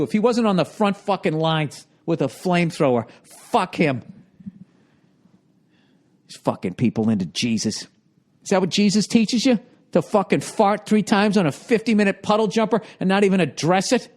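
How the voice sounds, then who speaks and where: An exasperated male comedian in his forties swears constantly through a comic story, his voice jumping higher as he gets riled. He speaks at a moderate pace in an expressive, high-sitting voice.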